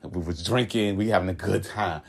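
A young man from Florida telling a story in casual chat, animated and laughing as he goes. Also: brisk, creaky, breathy edge. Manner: animated and laughing, swoops high when excited. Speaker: guest telling his story.

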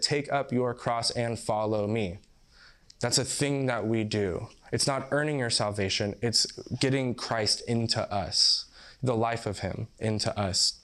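A young man giving a sermon, talking loosely and conversationally as though chatting with friends. His voice sits at an ordinary middle pitch, and he keeps dropping in filler words and quick asides. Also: a bit bright. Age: young adult. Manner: casual, rambling, laughs often, says "like" and "you know". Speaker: pastor.

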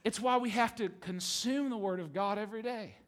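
A male pastor preaching a sermon to his congregation, animated, repeating phrases for emphasis and laughing often. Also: sits high, brisk, slight background noise. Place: church sanctuary with congregation.

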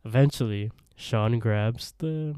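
A man's voice: medium pitch, takes it slowly, warm tone, clean tone, dry recording, studio quality. A man co-hosting a podcast, recapping an episode in a rambling, casual way and acting out the characters' lines with laughs. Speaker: podcast co-host.

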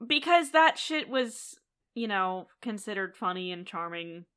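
A woman co-hosting a podcast, recapping a TV episode in casual chat with quick, animated, giggly retelling. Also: medium pitch, smooth. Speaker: podcast co-host.

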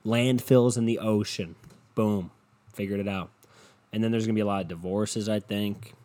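A man hosting a solo podcast, rambling in a profane, deadpan way and sounding tired. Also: fairly low pitch, moderate pace. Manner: profane, meandering and deadpan, with frequent swearing. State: tired and yawning. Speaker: podcast host.

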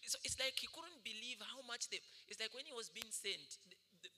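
A male pastor preaches with sharp, bright energy, his pitch leaping all over. He tells stories and laughs freely as he goes. His voice rings through a reverberant hall. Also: a little fast, slight background noise. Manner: animated storytelling, laughing often. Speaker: senior pastor. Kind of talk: sermon.

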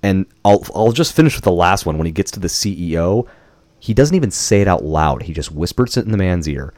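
A young man co-hosting a podcast chats casually as he recaps a scene from a film, laughing and swearing along the way. His voice is low, expressive, and darkish, and he talks briskly. The recording is dry.

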